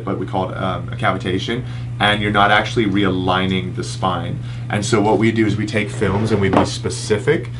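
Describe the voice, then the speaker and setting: Laid-back guy in his 30s doing a live q&a as a chiropractor, kinda low voice, lots of ums. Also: noisy background. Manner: casual, chatty, with frequent ums. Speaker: chiropractor host. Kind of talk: live-streamed Q&A reading viewer comments.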